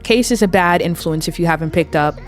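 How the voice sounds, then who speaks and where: A woman's voice: on the low side, a little fast, faint music behind. A woman giving casual, amused commentary on her life-sim game, narrating what her characters do. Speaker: gameplay video creator.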